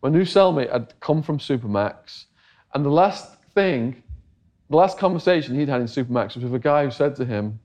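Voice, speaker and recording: A man's voice: medium pitch, animated, normal speed, darkish tone. A middle-aged English man telling a long story in a casual interview, acting out the voices of the people he quotes. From England. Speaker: interview guest.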